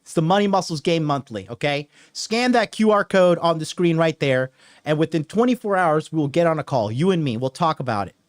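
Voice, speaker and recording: A man's voice: a little high, lively intonation, brisk. A young adult man giving a solo advice talk as a dating coach, profane and emphatic, repeating points over and over.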